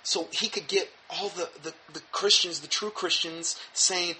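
A man's voice: high voice, steady tone, a little slow, few pauses, sharp tone. A man reading aloud from an article and breaking in with sarcastic, mocking commentary, often repeating and restarting words.

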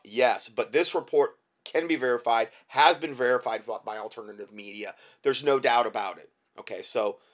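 A man hosting his own show, talking in a rambling, emphatic way with frequent restarts and asides to listeners. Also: mid-range voice. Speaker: podcast host. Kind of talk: casual talk-show commentary.

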